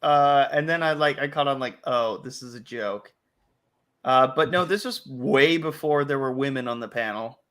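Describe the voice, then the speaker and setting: Brief: male stream host, bright tense tone, casual rambling chat, lots of restarts. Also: mid-range voice, normal speed, hardly any pauses. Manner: rambling, self-interrupting, frequent restarts and quoted asides. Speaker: livestream host.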